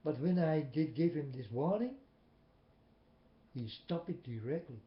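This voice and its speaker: A man preaching a personal testimony in non-native English, emphatic, swinging between loud and soft. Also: on the high side, expressive, measured pace. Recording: echoey, dull lo-fi recording.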